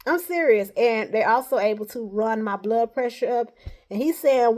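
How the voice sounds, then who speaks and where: Woman, vlogger, casual monologue to camera, rambling, insistent, slightly high voice. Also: moderate pace, darkish tone. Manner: rambling, repeats "all right" often.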